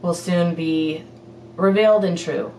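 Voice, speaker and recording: A woman's voice: fairly low pitch, measured pace, darkish tone, a little hiss or hum. A young woman answering viewer questions in a casual, rambling chat full of fillers and little laughs. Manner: chatty, rambling, giggly, lots of fillers. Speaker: fitness vlogger. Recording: echoey room, mic at a distance.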